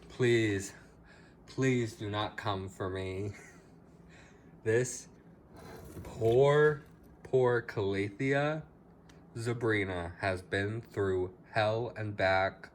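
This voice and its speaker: A man's voice: deep voice, fairly bright tone, slight background noise. A man chatting casually through a house plant tour in his home, a little dramatic about how his plants are doing. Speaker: plant vlogger.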